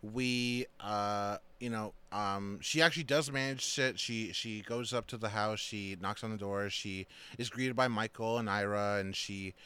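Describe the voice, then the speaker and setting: A man's voice: on the low side, measured pace, hardly any pauses, pushed and bright, clean tone. A man co-hosting a podcast, talking casually about a film in rambling sentences full of fillers and restarts. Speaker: podcast co-host.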